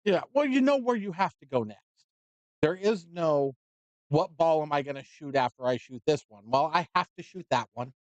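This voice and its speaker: A man's voice: on the high side, expressive, normal speed, dry recording. Guy doing laid back pool commentary, dry jokes, close dry mic. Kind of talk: casual commentary.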